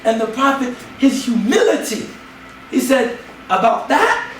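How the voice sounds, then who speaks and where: A man's voice: very high voice, very animated, measured pace, recorded from a distance, slight background noise. A man giving a humorous, slangy storytelling talk on religion to a student audience in a lecture hall.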